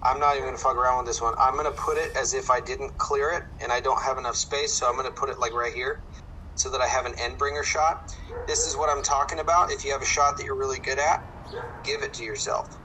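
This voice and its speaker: A man hosting casual game commentary, walking through each shot step by step in an easygoing way. His voice is bright and clear, pitched in an ordinary middle range, with a faint hum of background noise. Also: quick pace, low-quality recording. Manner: relaxed, explaining tips step by step. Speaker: host.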